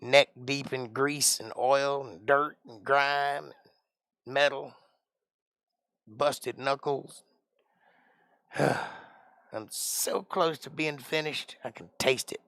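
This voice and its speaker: A man's voice: medium pitch, fairly even intonation, slow pace, gravelly, pauses often, fairly bright tone, no room sound. A man hosting a casual live stream, joking around in a put-on accent and sounding tired. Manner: joking, puts on an odd made-up accent. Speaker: livestream host.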